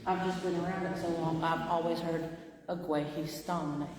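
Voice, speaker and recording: A woman with a fairly low voice gives a relaxed language lesson and keeps asking "right?" and "okay?" as she goes. She draws out words slowly and with exaggeration so learners can catch every sound. The room is very echoey, with a long reverb trailing her voice. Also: noisy background. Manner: conversational, checks in with "right?" and "okay?"; stretches out words slowly and with exaggeration to teach pronunciation. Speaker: language teacher. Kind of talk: casual spoken language lesson.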